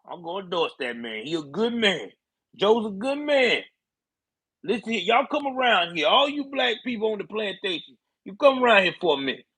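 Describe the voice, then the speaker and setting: Man impersonating a gruff old politico, bossy, folksy drawl, pitched a bit high, husky, dry. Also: very animated, moderate pace, fairly bright tone, dry recording, full character voice. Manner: commanding, scolding, folksy drawl. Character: gruff older male politician, bossy and blustering.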